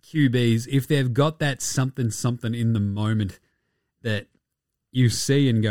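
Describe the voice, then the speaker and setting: A man's voice: mid-range voice, a little slow, no echo. Young aussie guy on a sports podcast, swears a lot, jokey, dry close sound. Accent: Australian. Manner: swears freely, animated and jokey. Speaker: podcast co-host. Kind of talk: casual sports chat.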